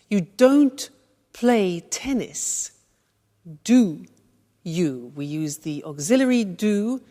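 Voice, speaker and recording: A woman teaching English at an unhurried pace. Her pitch swoops up and down with lots of life, and she leans hard on the melody of each example sentence. The recording carries a long, hall-like reverb. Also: a little mellow. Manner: stresses example sentences with sing-song intonation. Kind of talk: slow, deliberate language lesson.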